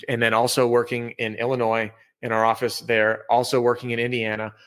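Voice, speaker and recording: A man's voice: medium pitch, monotone, brisk, a bit bright. A man as a podcast guest, telling his story in a candid, self-deprecating way.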